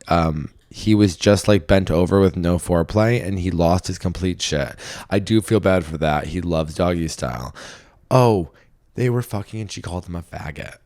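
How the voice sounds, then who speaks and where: A young man hosting a comedy podcast, reading listener stories in casual chat with crude, teasing remarks and sudden excited jumps. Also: deep voice, moderate pace, no echo, clean studio sound.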